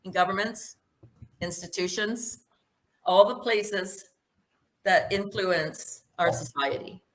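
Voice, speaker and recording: A woman's voice: medium pitch, slow pace, slight background noise. A woman giving a spoken presentation, emphatic and full of rhetorical questions.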